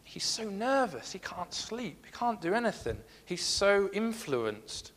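A man's voice: high voice, sing-song, measured pace, a bit bright. Man preaching in an echoing hall. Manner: earnest, repeats key phrases, reads scripture aloud. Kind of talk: sermon.

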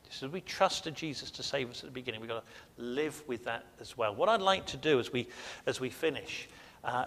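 A man's voice: on the high side, a bit bright, in a large hall. A man leading a sermon, earnest and emphatic, asking the congregation questions and repeating phrases for stress. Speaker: pastor.

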